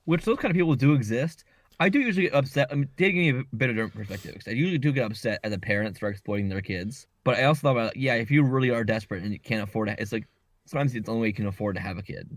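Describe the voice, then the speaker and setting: A man chatting on a podcast about a film he just watched. He wanders and restarts mid-sentence, with a lively, swinging pitch. The sound is close and dry. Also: very fast, no room sound. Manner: rambling, self-correcting, joking. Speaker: podcast co-host. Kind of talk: casual chat recapping a movie. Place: podcast recording setup.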